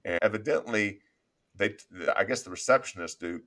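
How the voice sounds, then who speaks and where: A man hosting an interview, telling an anecdote in a lively, casual way. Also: lowish voice, moderate pace. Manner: animated anecdote-telling with laughs. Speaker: podcast host, agency owner. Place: office studio.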